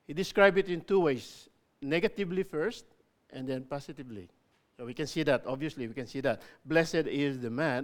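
A man preaching a sermon, explaining scripture with emphatic repetition. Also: medium pitch. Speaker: pastor.

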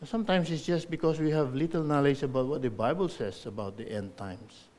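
A man preaching a sermon in church, earnestly urging listeners, rising to emphatic peaks and falling to soft endings. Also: on the high side, fairly quick. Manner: earnest exhortation with emphatic rises and soft drops.

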